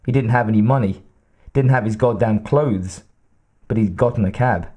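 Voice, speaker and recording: A man narrating an audiobook in a measured, steady reading. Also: on the low side, breathy edge. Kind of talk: scripted narration.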